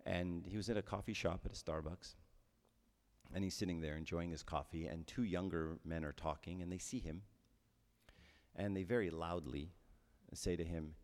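A man's voice: low-pitched, steady tone, moderate pace, darkish tone, big-room sound. A man giving a conversational homily as a priest, often checking in with his listeners with "right?".

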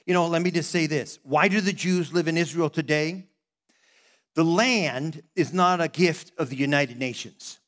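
Higher-voiced man preaching a sermon. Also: moderate pace, a bit bright. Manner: conversational preaching with frequent restarts. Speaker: pastor.

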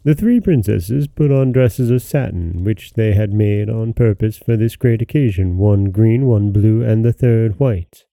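A man narrating a fairy tale as a podcast host, in a measured, expressive way. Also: on the low side, creaky, no room sound. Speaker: storyteller host.

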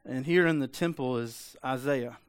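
Male pastor, conversational sermon, medium pitch, dry recording. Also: normal speed, no room sound. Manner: conversational preaching, asks the congregation for amens.

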